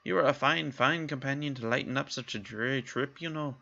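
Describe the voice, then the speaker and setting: A man's voice: medium pitch, brisk, bright, forceful tone, dull audio, voice pushed up. A man voicing a grumbling, wine-loving male companion who wheedles for favors. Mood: wistful. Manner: wheedling, gruff.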